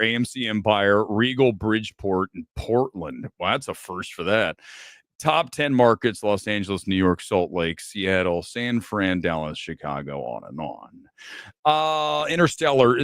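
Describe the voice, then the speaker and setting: A man's voice: on the low side, fairly bright tone, dry recording, studio quality. A man hosting a movie news show, ranting with profanity and sarcasm in casual commentary.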